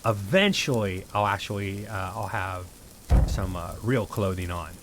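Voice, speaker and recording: A man streaming a survival game live, thinking aloud in a relaxed, rambling way as he plays. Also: low-pitched, a little slow, noisy background. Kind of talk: casual live-stream gameplay commentary.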